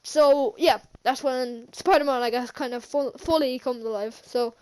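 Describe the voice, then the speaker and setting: A woman's voice: high-pitched, unhurried, a little mellow. A woman casually recapping a movie for her vlog, rambling with many fillers and restarts and chuckling now and then. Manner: chuckles often while recounting scenes. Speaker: channel host, film reviewer.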